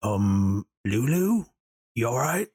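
A man's voice: mid-range voice, big pitch swings, slow, echoey room. A man playing an awkward, kind-hearted male bugbear cleric who speaks hesitantly and stumbles over his words. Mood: nervous. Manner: hesitant, stumbling and softly anxious.

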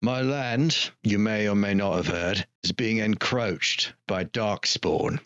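A man puts on a short, stocky, ill-tempered lord who barks his words, gruff and curt with the servants. The voice sits low and rough-edged. The tabletop-game recording sounds slightly dull and lo-fi. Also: takes it slowly, a bit bright, dry recording.

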